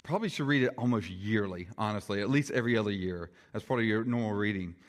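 A man, a congregational elder giving a chatty, animated sermon, his voice a little strained. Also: lowish voice, fast. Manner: chatty, animated, jokey asides. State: slightly strained voice. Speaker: lay preacher, congregational elder. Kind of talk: conversational sermon.

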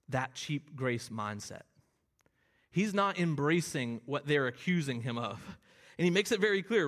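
A man's voice: fairly high pitch, a bit bright. A man preaching an expository sermon, earnest and explanatory, rising to emphatic bursts on key phrases. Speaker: pastor.

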